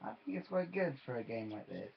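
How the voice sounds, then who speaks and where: A man's voice: mid-range voice, very animated, fairly quick, vocal fry. A young man, joining a friend's vlog with teasing, dry asides. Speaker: vlogger's friend. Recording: dull lo-fi audio.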